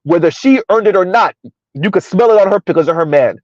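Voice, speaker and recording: Man, slightly high voice, casual stream commentary, rhetorical questions, dry dull home-mic sound. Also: lively intonation, a little fast, a little mellow, dry recording. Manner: rhetorical, repeats "who would have ever thought" and "right? huh?"; talks about himself in third person. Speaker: commentary host.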